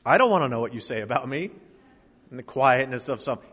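A man preaching a sermon as pastor, emphatic, with sudden drops and surges in loudness. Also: medium pitch, expressive, brisk, breathy edge, big-room sound.

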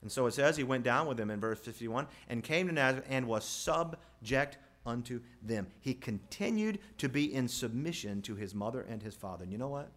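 A man preaching a sermon in an animated way, asking the crowd rhetorical questions and quoting scripture. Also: mid-range voice, brisk, few pauses. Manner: animated, rhetorical questions, mimics family scenes. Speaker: pastor.

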